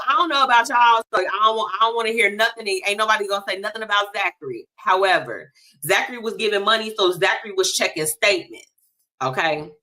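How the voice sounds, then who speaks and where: A woman hosting a radio talk show, chatting in a lively, casual way and speaking straight to her listeners. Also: mid-range voice. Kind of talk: casual chat segment.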